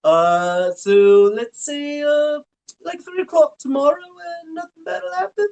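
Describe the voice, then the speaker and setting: A man doing an impression of a gruff male cartoon cop, mock-threatening and pushy. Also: measured pace, darkish tone, soft background music. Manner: mock-threatening, rising in pitch.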